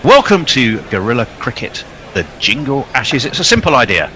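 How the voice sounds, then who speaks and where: A man's voice: medium pitch, very animated, moderate pace, loud music behind the voice. A man hosting a casual podcast chat, introducing guests with playful, jokey billings. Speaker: host.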